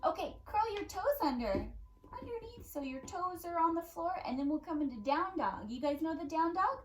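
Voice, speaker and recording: A young woman teaching a kids yoga class in a gentle, playful, encouraging way. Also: very high voice, expressive, normal speed, poor audio. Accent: Californian.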